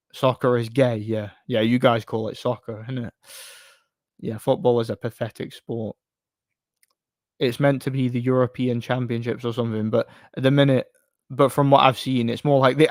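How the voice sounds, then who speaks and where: A man hosts a live stream, bluntly sharing opinions on boxing and reading out chat comments in a casual, rambling way with restarts. His mid-range voice is recorded at studio quality, with no echo.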